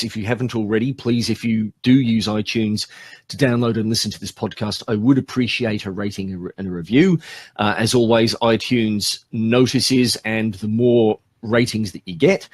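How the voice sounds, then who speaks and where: An Australian podcast host with a fairly low voice runs a casual live stream, chatting and rambling, saying "um" a lot while he thanks his listeners. There's no room sound on the recording.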